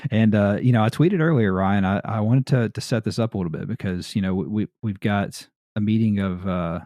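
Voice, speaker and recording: A man's voice: on the low side, a little fast, warm tone, no room sound, studio quality. A man with an American Southern drawl hosting a podcast in a laid-back, rambling way, with plenty of fillers and laughs. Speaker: podcast host. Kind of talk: casual podcast chat.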